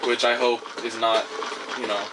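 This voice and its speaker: A man's voice: mid-range voice, completely flat delivery, moderate pace, very noisy. A young man giving casual, rambling commentary on a video game he is playing, joking and swearing as he goes. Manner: rambling, joking, profane, silly asides. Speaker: let's play commentator. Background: game music.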